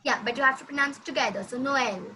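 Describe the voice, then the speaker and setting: A woman teaching a language lesson, patiently repeating words slowly for her student. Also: high-pitched, bright, forceful tone, slight background noise, low-quality recording. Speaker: French teacher.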